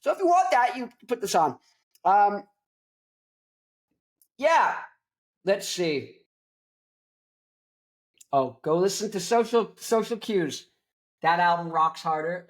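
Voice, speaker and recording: A young man hosting a rock show, joking and rambling loudly, with crude asides. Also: fairly high pitch. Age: young adult. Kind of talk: rambling comedic music talk.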